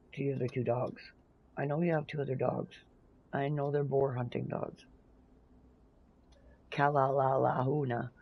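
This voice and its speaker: Canadian woman, live streamer, raspy, gravelly, lively pitch, curses a lot. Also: dull audio. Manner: swears freely, loud playful outbursts. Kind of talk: casual live-stream chat while gaming.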